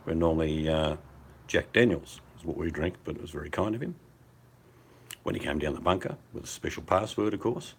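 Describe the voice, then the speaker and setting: An older Australian man on a video call from home by a fireplace trades laid-back, rambling, blokey banter in a casual hangout. His voice is a rumbling low and a little fast, with slight background noise from a phone call over mobile data.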